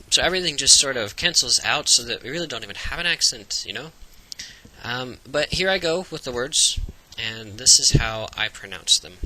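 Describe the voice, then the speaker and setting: Young man, Floridian American accent, upbeat casual vlogger, bright forceful tone. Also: medium pitch, low-quality recording. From Florida, USA. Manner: chatty, upbeat, lists words slowly. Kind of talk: casual accent tag video.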